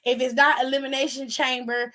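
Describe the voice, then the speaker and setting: Animated, profane high-voiced woman from Cleveland. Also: brisk. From Cleveland, Ohio. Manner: animated, profane, laughing, exaggerated outrage. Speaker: wrestling aftershow host. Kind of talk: casual chat.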